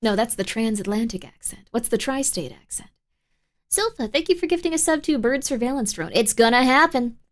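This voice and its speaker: A young woman with a slightly high voice talks casually to her stream from a home setup. She rambles in a bubbly way, leaning on "like" and little fillers as she answers chat and thanks viewers. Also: lively intonation, fairly quick. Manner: bubbly and rambling, filler-heavy with frequent 'like'. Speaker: livestream host.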